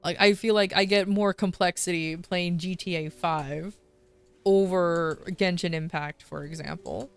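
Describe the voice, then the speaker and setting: A woman's voice: lowish voice, steady tone, unhurried, smooth, no room sound, soft background music. A woman streamer in a casual livestream chat, ranting bluntly with swearing and frequent restarts.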